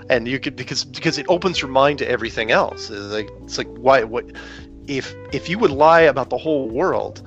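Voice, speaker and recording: A man's voice: mid-range voice, gravelly, a bit bright. A man talking in a heated, rambling way, restarting sentences and often asking "right?" as he argues his point. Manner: heated, rapid, many restarts and rhetorical "right?". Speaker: podcast guest with his own channel. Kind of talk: casual conversational rant. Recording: dull lo-fi sound with faint music.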